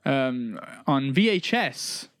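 Lively, playful man co-hosting a podcast. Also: mid-range voice, takes it slowly, clean tone, no room sound, studio quality. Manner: playful, excitable, repeats words, bursts of laughter. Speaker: podcast co-host. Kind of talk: casual banter.

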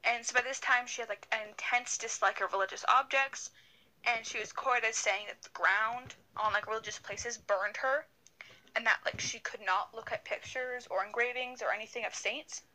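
Young woman podcast co-host, bright and a bit high, chatty and rambling, on a video call. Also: fairly even intonation, normal speed, poor audio. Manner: rambling, many fillers and restarts. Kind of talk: casual storytelling chat.

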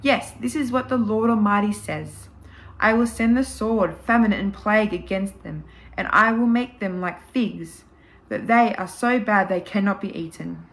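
A woman reading scripture in a church service. Her delivery is measured and steady, with a solemn tone, and her pitch sits in a middle range. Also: rough recording. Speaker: scripture reader.

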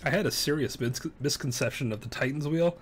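A man's voice: medium pitch, brisk, husky. A man playing in a tabletop role-playing game, chatting casually in a joking way. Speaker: player.

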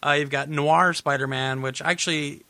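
Bright-voiced man chatting on a podcast. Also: fairly high pitch, steady tone, moderate pace, no room sound. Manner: rambling, self-correcting, laughs often. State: losing his voice. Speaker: podcast host. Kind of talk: casual gaming podcast chat.

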